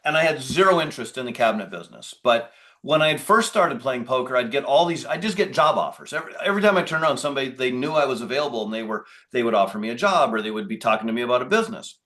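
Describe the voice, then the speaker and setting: A man's voice: mid-range voice, expressive, racing, fairly bright tone. A man being interviewed as a guest. He talks in a conversational, rambling way and often restarts his sentences. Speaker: podcast guest, business owner. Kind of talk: casual interview talk.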